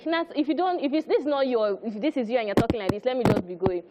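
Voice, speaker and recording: High-voiced Nigerian woman co-host. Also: fast, background noise. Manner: chatty, laughs often, acts out quoted dialogue. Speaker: TV entertainment show co-host. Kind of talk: lively studio banter and storytelling. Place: TV studio.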